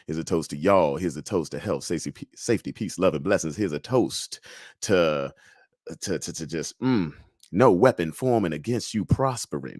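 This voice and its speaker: A man hosting a casual live chat show, laid-back and chatty, laughing often, swearing freely and breaking into loud whoops. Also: deep voice, expressive, normal speed, no echo, clean studio sound. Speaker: livestream talk show host.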